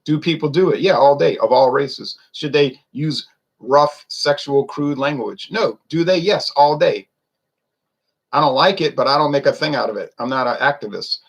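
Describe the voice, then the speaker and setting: A man's voice: a little high, moderate pace, gravelly. A man ranting in a casual monologue, opinionated and rambling, full of rhetorical questions. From United States. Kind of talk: casual rant to camera.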